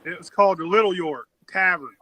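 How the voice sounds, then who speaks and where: A man co-hosting a podcast, telling crude stories with animated, profane energy and acting out what people said. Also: high voice, fairly quick. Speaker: podcast co-host. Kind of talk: casual storytelling.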